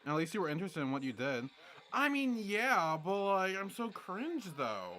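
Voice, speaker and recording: A man in his twenties streaming a reaction, excitable and laughing, swearing often. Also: high voice, normal speed. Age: 20s. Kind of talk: livestream reaction commentary.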